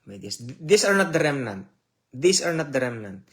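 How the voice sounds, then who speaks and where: A man preaching a sermon slowly and emotionally, reading scripture loudly and then dropping to soft asides. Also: medium pitch, big pitch swings. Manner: slow, emotional preaching with swells and drops in loudness. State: tearful.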